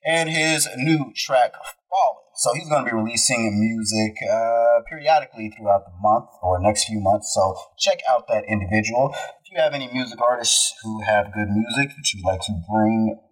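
A man hosting a podcast in casual chat, playful and joking, often jumping up into a high voice for emphasis. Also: normal speed, distant mic, rough recording. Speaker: podcast host.

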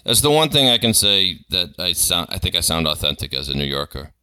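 A middle-aged man from Boston with a Boston accent, co-hosting a casual podcast chat in a jokey, animated way. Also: low-pitched, fairly quick, clean tone, no echo. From Boston area. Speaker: podcast co-host.

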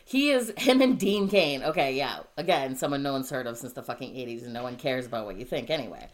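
A woman's voice: very deep voice, fast talker. A woman co-hosting a casual podcast, ranting with heavy swearing and bursts of laughter. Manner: profane, animated ranting. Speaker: podcast co-host.

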